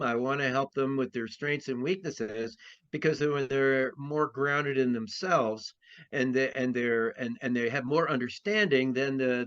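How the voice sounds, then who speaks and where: A man's voice: mid-range voice, a bit bright. A man, an astrologer being interviewed, talks in a rambling way with many restarts and fillers. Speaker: astrologer guest. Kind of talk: conversational interview. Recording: dull lo-fi sound.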